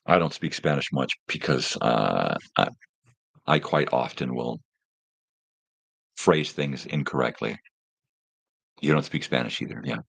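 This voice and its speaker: A man's voice: extremely low pitch, measured pace, vocal fry, long pauses, fairly bright tone, slightly rough, no room sound. A middle-aged man hosting a live stream, chatting casually with viewers in a rambling, laid-back way full of slang.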